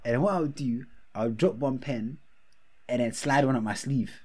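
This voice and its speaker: Young man, casual chat, animated storyteller with heavy slang. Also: medium pitch, normal speed. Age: young adult.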